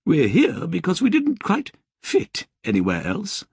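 A man's voice: on the high side, wildly swooping pitch, measured pace, gravelly, darkish tone, breathy edge, no echo, studio quality, voice pushed up, heavily acted. A man voicing a polite, refined nun with an English accent, raising his voice well above his own. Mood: gently teasing.

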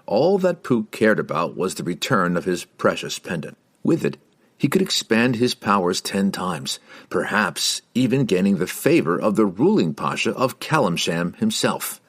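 A man with a very deep voice narrates a fantasy novel. His reading is measured and expressive, with a wide, lively rise and fall in pitch. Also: husky. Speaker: audiobook narrator.

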